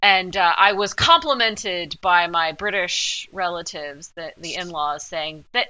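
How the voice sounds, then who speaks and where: A woman co-hosting a podcast, with a trained, neutral newsreader American accent. Her voice is very bright and ringing. She chats animatedly and slips into playful accent impressions. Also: on the low side, a little slow, few pauses, highs cut off. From Memphis, Tennessee. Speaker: podcast co-host. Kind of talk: casual chat.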